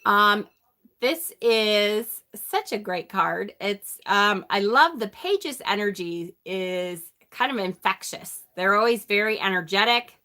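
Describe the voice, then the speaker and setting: A woman's voice: mid-range voice, lively intonation, slow, pushed and bright. A middle-aged woman hosting a live tarot stream, chatting casually with an exasperated, laughing manner.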